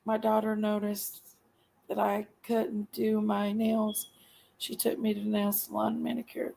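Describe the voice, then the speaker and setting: A woman's voice: medium pitch, completely flat delivery, measured pace, creaky, mellow, rough recording. A middle-aged woman, venting on a live stream with emphatic repetition. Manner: aggrieved, emphatic venting, repeats herself. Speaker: livestream host. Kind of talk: casual live-stream rant.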